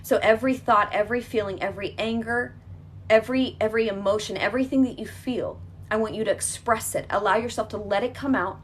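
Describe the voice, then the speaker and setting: A woman's voice: medium pitch, fast talker, slight background noise. A woman leading a guided healing exercise, talking in an emphatic, repetitive coaching manner that is reassuring and direct.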